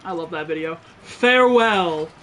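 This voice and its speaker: A man's voice: high-pitched, normal speed, pushed and bright, slight background noise. A man streaming a game, giving joking, profane, blunt commentary. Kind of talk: casual gameplay commentary.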